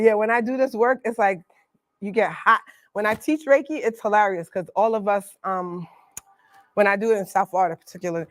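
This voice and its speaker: In a library workshop room, a medium-pitched woman from the Bronx, New York, demonstrates Reiki live. She's playful and talkative, laughs a lot, and the recording is dry.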